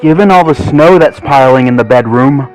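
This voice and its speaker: A man's voice: medium pitch, normal speed, a little mellow, soft background music, pitched above the performer's own voice, lightly acted, rough recording. A man voicing a cold male Great Dane who tries to hide his shivering, in a storybook reading. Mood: reporting.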